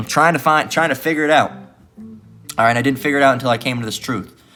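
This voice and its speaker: Man, preacher, heated, profane, repeats "all right", mid pitch, faint background music. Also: moderate pace, vocal fry, sharp tone. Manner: mocking voices of opponents. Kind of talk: street-style religious teaching.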